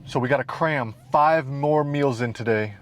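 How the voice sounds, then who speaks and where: A man's voice: medium pitch, normal speed. A young man talking casually to camera for a fitness vlog, playful and self-mocking, partly from inside a car. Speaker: fitness vlogger.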